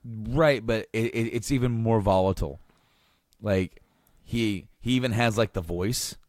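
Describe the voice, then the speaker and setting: A man's voice: fairly low pitch, unhurried, darkish tone, no echo, clean studio sound. A man hosting a podcast, recapping with rambling, enthusiastic casual chat and many restarts. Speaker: podcast host.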